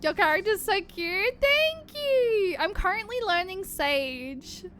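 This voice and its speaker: A woman streaming a game live, chatting casually and exclaiming excitedly. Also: very high-pitched, takes it slowly. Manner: excitable, exclaims and laughs often.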